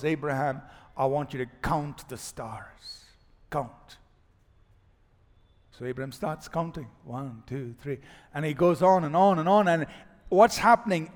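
A man preaching a sermon as pastor, swinging between quiet passages and loud, emphatic ones. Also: high-pitched. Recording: long hall reverb.

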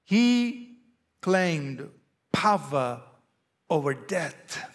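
High-voiced preaching man, Indian accent. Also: sing-song, very slow. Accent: Indian English. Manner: emphatic preaching with rising and falling delivery. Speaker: pastor. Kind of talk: sermon. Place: church.

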